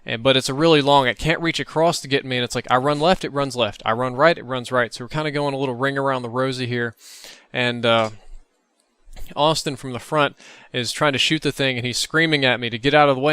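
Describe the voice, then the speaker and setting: Bright, crisp storytelling man. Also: medium pitch, quick pace, no echo. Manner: animated, profane, vivid retelling. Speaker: gaming channel host. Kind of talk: storytelling over gameplay.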